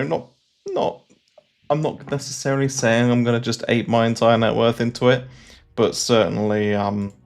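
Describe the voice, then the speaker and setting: A man's voice: fairly low pitch, creaky. A man chatting casually on a livestream about trading, rambling with plenty of fillers and restarts.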